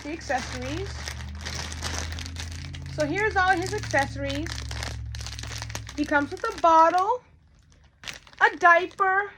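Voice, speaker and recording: Chatty high-voiced woman unboxing a doll. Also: bright, forceful tone, a little hiss or hum. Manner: chatty, repeats herself, addresses viewers directly. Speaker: vlogger. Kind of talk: unboxing vlog.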